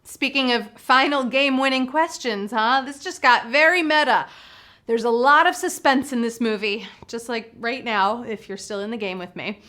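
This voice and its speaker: A woman's voice: a little high, moderate pace, pushed and bright. A woman hosting a live trivia game show, exuberant and playful, joking with the players as she reads out questions and answers.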